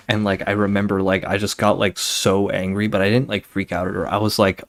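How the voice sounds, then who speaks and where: A young man with a lowish voice chatting on a game stream. He rambles from tangent to tangent in a laid-back way and swears without thinking about it. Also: little pitch movement, a little fast, hardly any pauses. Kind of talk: casual chat while streaming a game.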